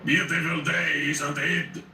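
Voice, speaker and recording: Dude playing a big friendly cannibal giant, booming french accent, kinda distant and echoey. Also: male voice, little pitch movement, slow, bright, forceful tone, full character voice. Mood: cheerful. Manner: booming, cheerful. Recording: roomy, distant, faint noise.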